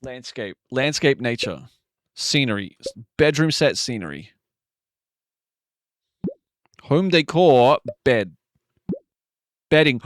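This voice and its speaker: Slow-talking man muttering guesses. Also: mid-range voice, dry recording, studio quality. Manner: muttering guesses, sudden excited outbursts. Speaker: streamer. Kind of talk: live game stream, thinking aloud.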